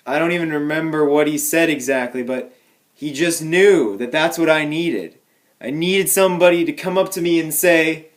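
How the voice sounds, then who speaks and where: Speaking directly to the camera from his home, a young male vlogger turns a small daily mishap into a mock tragedy. His voice is slightly high for a man, his pace moderate, and he delivers it all with deadpan exaggeration.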